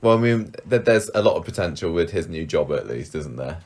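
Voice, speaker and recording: A man's voice: deep voice, big pitch swings, brisk, a little mellow. A man co-hosting a podcast, chatting casually about a soap with dry jokes and easy laughter. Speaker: podcast co-host. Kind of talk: casual chat recapping a soap.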